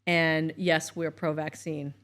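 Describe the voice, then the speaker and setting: A middle-aged woman co-hosting a casual chat show, telling a family story in an animated way and acting out the voices with laughs. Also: low-pitched, slow. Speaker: co-host, mother of the other host.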